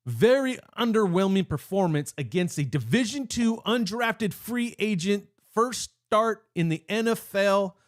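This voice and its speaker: Young man, fan channel host, heated rambling rant, slightly high voice, keeps cutting himself off. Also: animated, measured pace, hardly any pauses. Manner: heated, rambling, self-interrupting. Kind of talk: emotional live-stream rant.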